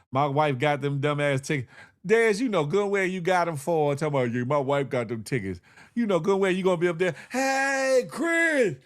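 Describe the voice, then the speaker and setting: A man hosting a morning show, riffing in casual commentary with slang, frequent laughs and sung snippets. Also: a little high. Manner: animated, slangy, laughs often, sings snippets.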